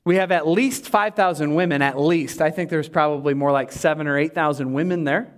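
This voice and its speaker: A pastor delivering a sermon, emphatic and animated, with humorous asides to the congregation. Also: male voice, fairly high pitch, fairly quick.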